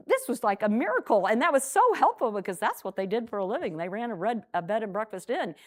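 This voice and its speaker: A woman telling a picture story to children at a church program, animated and repeating words as she goes. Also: a little high, fast talker, hardly any pauses.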